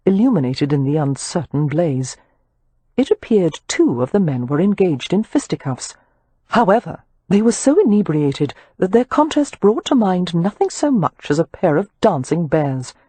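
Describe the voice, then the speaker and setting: A woman narrating an audiobook in an expressive storytelling manner. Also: deep voice, slightly rough, no room sound.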